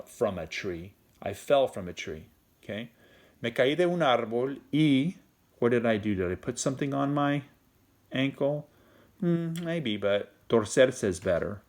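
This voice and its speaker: A man teaching a Spanish grammar lesson in a casual, step-by-step way, full of fillers and check-ins, moving between English and Spanish. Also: mid-range voice. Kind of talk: recorded classroom lesson.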